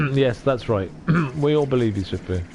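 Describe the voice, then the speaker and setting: A man's voice: medium pitch, big pitch swings, unhurried, creaky, darkish tone, soft background music. Chatty man streaming a game. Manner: chatty, self-deprecating, reads dialogue aloud. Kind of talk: casual live-stream commentary.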